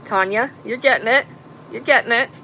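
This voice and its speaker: A woman's voice: on the high side, moderate pace, sharp tone, a little hiss or hum, rough recording. A woman telling a story in casual talk to her live chat, blunt and profane. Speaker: vlogger recounting an arrest.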